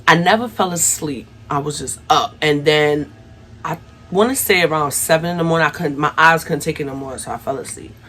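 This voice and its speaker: A woman's voice: low voice, brisk, fairly bright tone, a little hiss or hum. A young adult woman telling a personal story to her viewers in a casual, chatty way, often calling them y'all. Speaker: vlogger.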